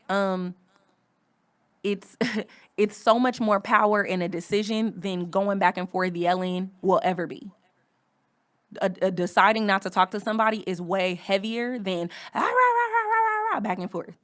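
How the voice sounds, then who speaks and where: A woman's voice: mid-range voice, fairly even intonation, normal speed, clean tone. A woman hosting a podcast, talking candidly and frankly in casual speech. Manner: frank, conversational, reading from notes. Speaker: podcast host. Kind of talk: candid personal monologue.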